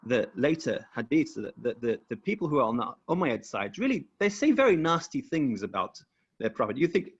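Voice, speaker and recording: Husky man explaining over a dull call. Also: on the high side. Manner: careful, repeats words while explaining. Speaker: guest researcher. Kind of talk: explanatory talk over screen share.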